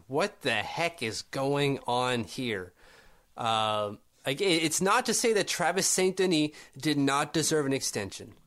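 A man co-hosting a casual sports podcast, with a fairly high voice for a man. He argues his points and works himself up into exasperated rants. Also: a bit bright. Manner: argumentative, rising to exasperated rants. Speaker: podcast co-host.

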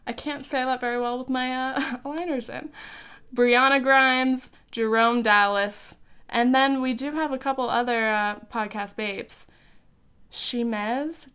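A young podcast host talks casually by herself, self-teasing, with laughs, fillers and a stray swear word here and there. Her voice is clean, fairly bright and a little high.

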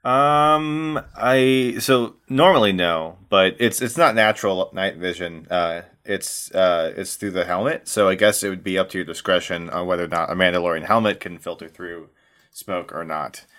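Man, very deep voice, tabletop player, jokey and halting. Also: a bit bright. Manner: joking, halting, thinks aloud. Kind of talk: casual chat.

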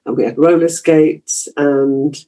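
Chatty higher-voiced man reminiscing. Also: slow pace, dark tone. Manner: chatty, laughs easily, trailing restarts. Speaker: interview guest, journalist. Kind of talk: reflective conversational storytelling.

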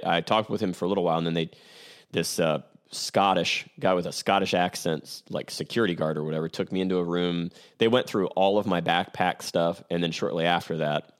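A man with a very low, deep voice tells a long travel story on his podcast. He rambles along casually, restarting sentences and chuckling at his own mishaps. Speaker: podcast host.

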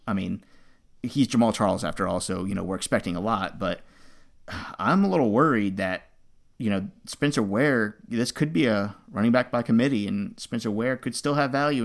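A man co-hosting a podcast, reading listener mail and chatting in a halting way. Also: fairly low pitch, creaky. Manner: halting, with restarts and fillers. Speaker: podcast co-host. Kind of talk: casual fantasy football chat.

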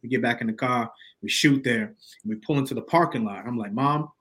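Podcast guest, young adult man, mid-pitched voice, slangy storyteller who acts out the quotes. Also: fairly quick, fairly bright tone. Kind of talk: storytelling in casual conversation.

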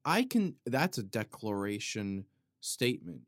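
Playful rambling man with a lively voice. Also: on the low side, moderate pace, no room sound, clean studio sound. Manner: playful, goes off on tangents, sudden loud outbursts. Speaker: podcast host. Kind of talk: rambling comedic monologue.

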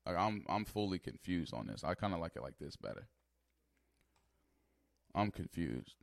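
A man's voice: low voice, sing-song, moderate pace, gravelly, dry recording, studio quality. A young man giving casual reaction commentary on a news clip, talking in loose slang with lots of asides. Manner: loose slang-heavy talk, frequent laughs and asides. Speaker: streamer reacting to news clips.

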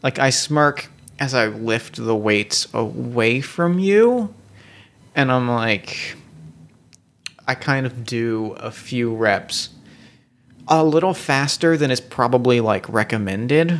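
Brief: man co-host, mid-pitched voice, jokey and laughing, narrating his turns in a role-play game. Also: expressive, takes it slowly, fairly bright tone. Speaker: co-host and player.

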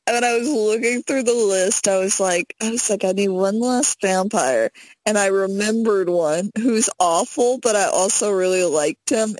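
A woman's voice: mid-range voice, dry recording, rough recording. A young woman co-hosting a casual podcast chat, rambling with many fillers and restarts. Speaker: podcast co-host.

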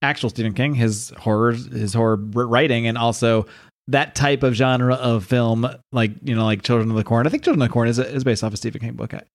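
Podcast co-host, rambling enthusiastic chat, lots of hesitation. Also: male voice, medium pitch, fairly even intonation, brisk. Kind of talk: casual podcast discussion.

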